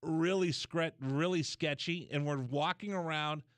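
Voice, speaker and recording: Chatty radio host, dry studio sound. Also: male voice, on the high side, dry recording. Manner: rambling, animated storyteller with quick restarts. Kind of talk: casual radio storytelling. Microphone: studio mic.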